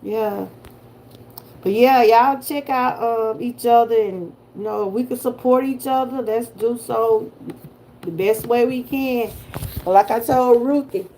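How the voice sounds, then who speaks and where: An older grandmother with a Southern US accent hosts a relaxed livestream, talking straight to her viewers. Her voice sits a little high for a woman, and her manner is folksy and familiar. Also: takes it slowly, slight background noise. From Georgia, US. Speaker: livestream host. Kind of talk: casual livestream chat.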